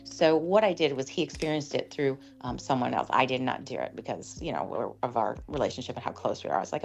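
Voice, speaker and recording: A woman's voice: rumbling low, brisk, gravelly, lo-fi sound. A woman working as a sound practitioner, chatting in an interview and acting out dialogue as she tells stories. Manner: animated storyteller, acts out quoted dialogue. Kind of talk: casual interview talk.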